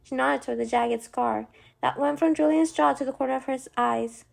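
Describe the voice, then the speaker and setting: A woman narrating a novel as an expressive audiobook reader. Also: high voice, moderate pace, creaky. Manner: expressive reading with small slips. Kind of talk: scripted narration.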